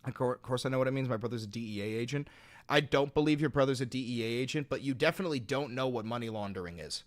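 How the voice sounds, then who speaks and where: A man hosting a livestream and reading out donations, talking sarcastically, bursting into loud mocking rants and dropping to low dry replies. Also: quick pace.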